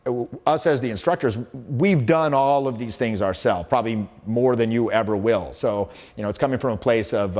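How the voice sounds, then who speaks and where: A man in his forties coaching on social skills, talking casually and briskly to camera, telling stories with acted-out quotes and some swearing. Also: medium pitch. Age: 40s. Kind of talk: casual teaching talk to camera.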